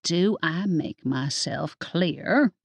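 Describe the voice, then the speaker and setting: A sharp-tongued older witch grandmother snaps short, curt lines in a low register, as a woman narrator puts her on. Her pitch still swings widely within each phrase. The sound is dry and close to the mic. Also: lively intonation, drawn-out words, gravelly, dry recording, exaggerated voice. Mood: gruff. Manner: clipped and curt. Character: stern older witch grandmother, gruff and secretive.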